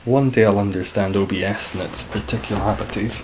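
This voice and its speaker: A man chatting casually and dryly while live-streaming a game, describing his own voice as monotone. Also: on the low side, brisk, noisy background. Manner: dry, self-deprecating, calls his voice monotone.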